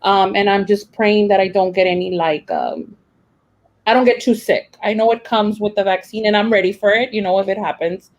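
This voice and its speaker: A woman's voice: medium pitch, expressive, moderate pace, highs cut off. A young adult woman teacher, telling a personal story in a rambling, emotional way with many fillers and restarts. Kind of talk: casual personal account.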